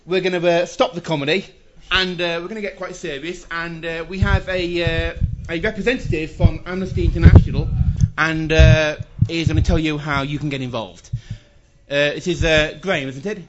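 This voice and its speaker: A man's voice: on the high side, steady tone, moderate pace, dull audio, very noisy. A male event host introducing the next speaker, hesitant and full of uhs.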